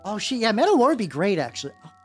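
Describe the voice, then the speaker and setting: A man on a live stream rambles casually while he paints miniatures, his pitch swooping up and down as he talks. He restarts sentences a lot, swears freely and keeps greeting his viewers, with soft music playing faintly underneath. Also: huge pitch swings, very fast, husky.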